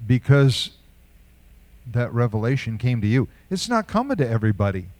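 Older pastor, chatty rhetorical preaching. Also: male voice, mid-range voice, very animated, normal speed, a little mellow, no echo. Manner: conversational preaching, asks many rhetorical questions, chuckles often. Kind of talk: sermon.

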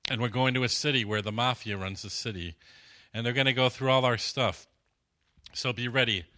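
Bright-voiced man preaching a testimony. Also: on the low side. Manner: storytelling, acts out dialogue with voice swings. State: dry throat. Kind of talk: sermon testimony.

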